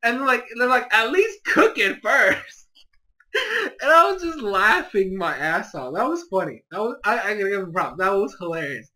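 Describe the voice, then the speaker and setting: A man giving a casual, profane anime episode review, excitable and swinging loud and high when exasperated. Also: normal speed, rough recording. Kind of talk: casual solo review rant.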